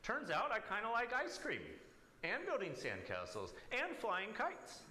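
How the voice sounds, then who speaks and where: A grumpy, judgmental little bunny from a children's storybook drags out every complaint in a low, slow, sulky voice, as a man reads her aloud. The tone stays bright and the pitch swings widely. It rings through a roomy church. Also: huge pitch swings, a little hiss or hum, heavily acted. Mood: softening. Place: church sanctuary.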